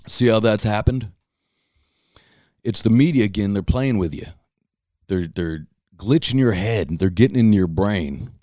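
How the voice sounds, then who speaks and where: A man's voice: fairly low pitch, lively intonation, unhurried, long pauses, dark tone, no room sound, clean studio sound. A middle-aged man rambling through a story and talking to his followers, cursing and restarting his sentences. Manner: rambling, restarts, profane, laughs at himself. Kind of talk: casual storytelling monologue.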